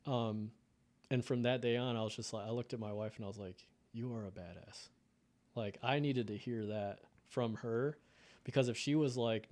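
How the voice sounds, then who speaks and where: A man's voice: fairly low pitch, steady tone, normal speed, a little mellow. A man in his thirties from the United States, telling an emotional personal story in a casual podcast conversation. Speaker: podcast guest.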